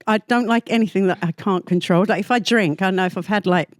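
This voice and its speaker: A middle-aged woman, a guest on a podcast, telling a story in lively casual chat. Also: medium pitch, fast, dry recording, studio quality. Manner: animated, laughing storyteller. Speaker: guest, backing singer.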